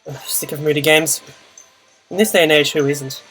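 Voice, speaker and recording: Young male host, slightly high voice, dry muttered play-by-play, soft music bed underneath. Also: fairly even intonation, normal speed, husky, rough recording. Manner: muttered, dry running commentary with groans and sighs. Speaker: channel host and player. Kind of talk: live gameplay commentary.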